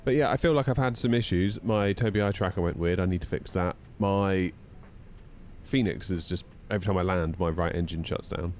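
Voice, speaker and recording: A man chatting casually on a live stream, rambling and jumping up in pitch when exasperated. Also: fairly quick, a little mellow, a little hiss or hum. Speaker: flight sim streamer.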